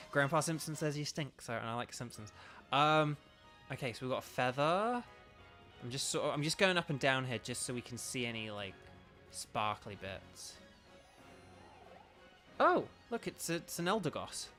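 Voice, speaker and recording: A man's voice: medium pitch, a bit bright. A man streaming a video game, chatting casually and rambling as he reads viewer comments aloud. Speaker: streamer and voice actor.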